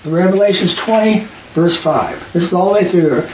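High-voiced man teaching scripture, echoey. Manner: emphatic, rapid asides, reads scripture aloud. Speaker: Bible teacher. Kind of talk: Bible study teaching. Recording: echoey room, distant mic, faint hiss.

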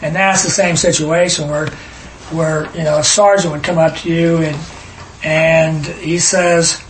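A man's voice: a little high, level tone, unhurried, a little hiss or hum. Man teaching scripture in an echoey room. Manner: emphatic, digressive, reads scripture aloud. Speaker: Bible study teacher. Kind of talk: informal Bible teaching.

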